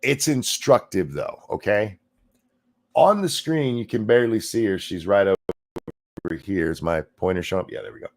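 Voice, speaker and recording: Brief: man, sarcastic political ranter, gravelly, lively pitch swings. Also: moderate pace. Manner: sarcastic, profane, mocking mimicry. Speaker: political commentary host. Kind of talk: ranting political commentary over video clips.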